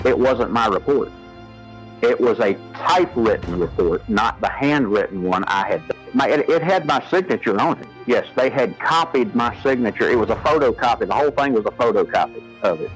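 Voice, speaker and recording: A man recounting past events in a halting, measured way, with frequent fillers. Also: mid-range voice, lively intonation, soft background music, rough recording. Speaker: former staff member recounting events. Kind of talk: recorded testimony clip.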